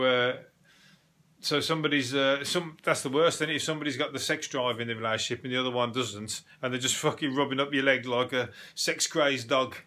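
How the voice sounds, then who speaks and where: A man hosting a podcast, rambling bluntly with plenty of swearing and quick laughs. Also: medium pitch, bright, forceful tone. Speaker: podcast host. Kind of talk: casual comedic monologue.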